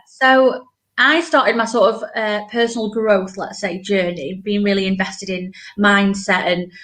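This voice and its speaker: A woman's voice: medium pitch, steady tone, unhurried, a bit bright. A woman chatting casually and emotionally, with lots of fillers and restarts. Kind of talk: casual chat.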